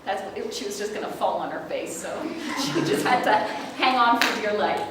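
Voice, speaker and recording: A middle-aged woman giving an intercultural workshop, lively and laughing often as she asks her audience questions. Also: mid-range voice, moderate pace. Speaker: intercultural trainer. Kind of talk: presenting a workshop. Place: meeting room with an audience. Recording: echoey room, distant mic, background noise.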